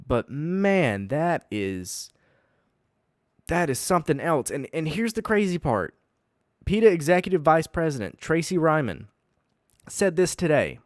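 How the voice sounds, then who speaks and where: A man's voice: medium pitch, dry recording, clean studio sound. A man hosting a casual commentary podcast, reading news aloud with wry amusement and frequent laughter. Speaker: podcast host.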